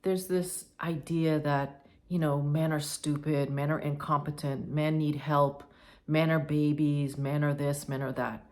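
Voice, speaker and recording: A woman's voice: low-pitched, flat delivery, measured pace, a little mellow. A woman giving advice to the camera in a monologue, emphatic and firm, repeating her points. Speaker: advice vlogger.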